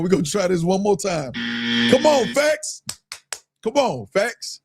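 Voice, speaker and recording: Against heavy background noise, a high-pitched man speaks at a measured pace, pausing often. He's hosting a live stream, reading viewer super chats aloud in casual, slangy language with a relaxed drawl, and he keeps laughing.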